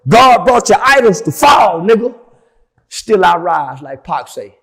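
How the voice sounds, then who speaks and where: In an unhurried, sing-song manner, a middle-aged interview guest tells a heated, foul-mouthed story, slipping into low mutters before erupting into shouts.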